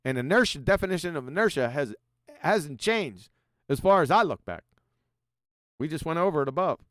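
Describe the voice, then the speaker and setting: A man's voice: on the high side, big pitch swings, moderate pace, a bit bright, dry recording, studio quality. A man hosting a livestream in a combative, sarcastic way, reading quotes aloud and mocking them. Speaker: host.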